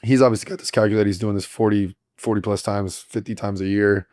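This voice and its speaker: A man co-hosting a podcast, telling stories in a casual, animated, joking way. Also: on the low side, fast, no echo, studio quality. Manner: animated storyteller, joking and laughing. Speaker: podcast co-host. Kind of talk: casual chat.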